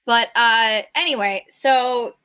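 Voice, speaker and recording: A woman's voice: fairly high pitch, takes it slowly, bright, forceful tone, clean tone. A woman co-hosting a casual book podcast, enthusiastically retelling scenes and arguing her reading. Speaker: podcast co-host. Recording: slightly dull lo-fi sound.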